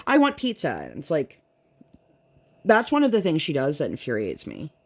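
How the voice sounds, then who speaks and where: A woman's voice: deep voice, huge pitch swings, moderate pace, a little mellow, slightly rough. A woman vlogger and mother chatting casually while she works on a craft, rambling and leaning on "like" a lot. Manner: rambling, chatty, heavy use of "like".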